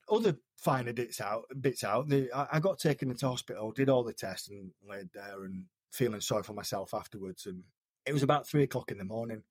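A man from the United Kingdom speaks as an interview guest, recounting his story earnestly and haltingly, often restarting his sentences. His voice sits at an everyday middle pitch. The recording is dry and close. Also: a little mellow, no echo. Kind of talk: personal story in conversation.

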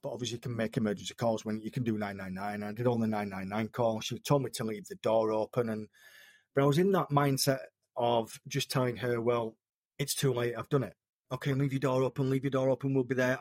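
A man from the United Kingdom, an interview guest, telling a personal story in an earnest, halting way with frequent restarts. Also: mid-range voice, no room sound, studio quality.

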